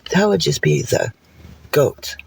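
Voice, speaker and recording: A man's voice: on the high side, wildly swooping pitch, takes it slowly, gravelly, breathy edge, voice pushed up, exaggerated voice. A man voicing a dreamy magical fairy who wants more power, musing in a light singsong. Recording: noisy car interior.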